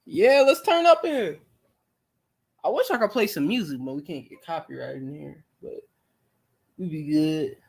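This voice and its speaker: A young man hosting a live stream, chatting casually with viewers in a relaxed, rambling way full of fillers. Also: a little high, normal speed, creaky, pauses often, breathy edge. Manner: laid-back, rambling, many fillers.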